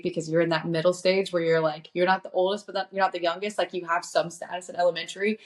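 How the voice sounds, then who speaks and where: A young woman from Indiana, a guest on a podcast, telling her story in a chatty, upbeat way. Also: fairly low pitch. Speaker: guest, children's book author. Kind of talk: casual podcast interview.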